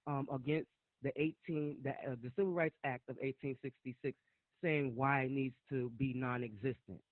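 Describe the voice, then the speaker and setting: A man hosting his channel, pausing the court audio to comment casually and talk straight to his viewers. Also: medium pitch, no room sound. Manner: conversational, talks straight to viewers. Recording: dry, tinny lo-fi mic.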